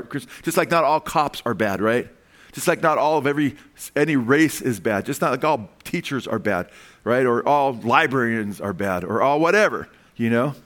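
A man's voice: medium pitch, fairly bright tone. Man preaching a casual sermon. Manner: conversational, asks the audience questions.

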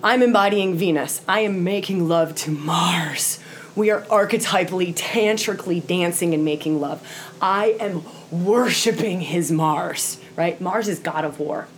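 A woman's voice: lowish voice, measured pace, a little hiss or hum. Impassioned woman teaching tantra. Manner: impassioned, asks "right?" often; acts out quoted voices. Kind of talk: teaching talk to a group.

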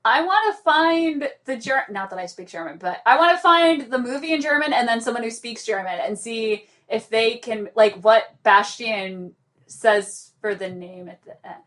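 A woman's voice: on the high side, lively intonation, normal speed, fairly bright tone. Giggly chatty woman podcast host. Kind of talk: casual podcast chat.

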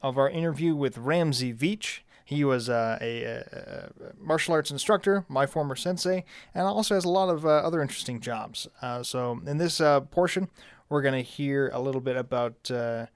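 A man's voice: medium pitch, moderate pace, clear, resonant tone. A man hosting a podcast at a convention, chatting casually with jokes and lots of fillers. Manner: jokey, rambling, many fillers. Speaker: podcast host. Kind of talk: casual interview chat. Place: convention venue.

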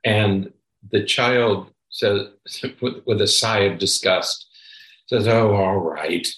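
A man's voice: lowish voice, fairly even intonation, takes it slowly, fairly bright tone, roomy sound, low-quality recording. A man co-hosting a parenting podcast, speaking emphatically and checking in with "okay?" as he makes his points. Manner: emphatic, repeats "okay?" to drive points home. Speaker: podcast co-host, psychologist. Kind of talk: casual advice chat.

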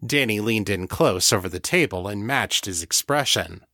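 A man reading an audiobook aloud in calm, measured scripted narration. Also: on the low side, no echo, studio quality.

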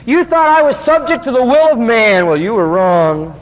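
A man's voice: very high-pitched, very animated, moderate pace. A man preaching a sermon with emphasis, asking the congregation to fill in the key words. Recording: dull lo-fi recording with long hall reverb.

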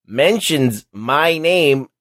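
Excitable man chatting on a podcast. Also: a little high, drawn-out words, no room sound. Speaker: podcast co-host. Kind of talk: casual podcast chat.

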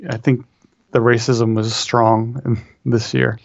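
A man's voice: mid-range voice, little pitch movement, slow pace, vocal fry, no echo. A man co-hosting a casual film podcast, hesitant and questioning, with frequent restarts. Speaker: podcast co-host. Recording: dry, dull lo-fi sound.

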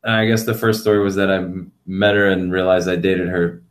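Young New guy, low voice, rambling. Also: level tone, brisk. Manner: swears freely, rambling storytelling. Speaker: podcast co-host. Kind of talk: casual chat.

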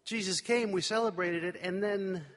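A man's voice: sits high, fairly even intonation, moderate pace, a bit bright. A male pastor giving a sermon in a conversational, wry way, with playful asides. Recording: long reverb of a large hall.

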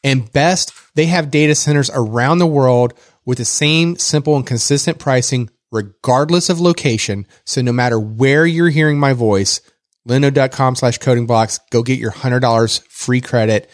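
A man co-hosting a casual tech podcast, joking around and reading a sponsor spot with animated energy. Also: medium pitch, moderate pace, dry recording, clean studio sound. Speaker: podcast co-host.

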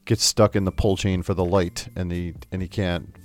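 A man's voice: sits low, normal speed. A man co-hosting a casual film review chat, animatedly retelling scenes. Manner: animated storytelling, acts out scenes. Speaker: podcast co-host.

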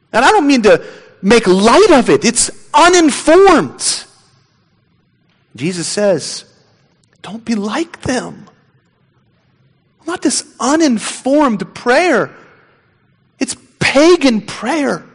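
A man preaching a sermon as a pastor, animated and mocking babbling prayers as he goes. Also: sits high, big-room sound.

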